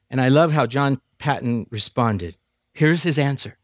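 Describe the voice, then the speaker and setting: A man preaching a sermon to seminary students, emphatic and building to near shouts. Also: medium pitch, unhurried, no echo, clean studio sound. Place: chapel addressing seminary students.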